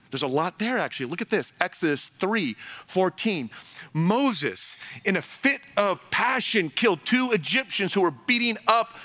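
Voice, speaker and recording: A man's voice: a little high, fairly bright tone. A man preaching a sermon in a conversational way, with asides and little jokes to the congregation. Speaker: pastor.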